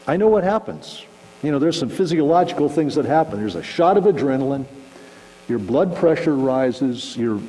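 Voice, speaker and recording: A man preaching a conversational sermon as pastor, animated and acting out little scenes. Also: mid-range voice. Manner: conversational, animated, acts out shouting examples. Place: church sanctuary. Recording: hall reverb with faint mains hum.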